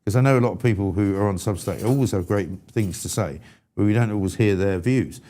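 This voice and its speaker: A man's voice: fairly low pitch, brisk, warm tone. A man hosts a live talk show, blunt and irascible. He rants about what annoys him with plain exasperation, then reads out viewer messages in the same blunt, chatty way. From England. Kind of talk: opinionated live show chat.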